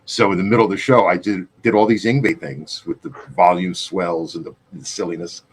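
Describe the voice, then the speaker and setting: A man's voice: sits low, fairly even intonation, brisk, breathy edge. A man in his fifties, a guitarist co-hosting a podcast, telling loose, profane, rambling stories in casual chat. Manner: loose, profane, rambling anecdotes with acted-out quotes.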